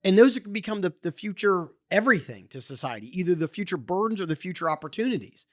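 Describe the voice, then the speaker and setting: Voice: medium pitch, big pitch swings, quick pace. A podcast host in an opinionated monologue, getting worked up and often restarting and repeating words.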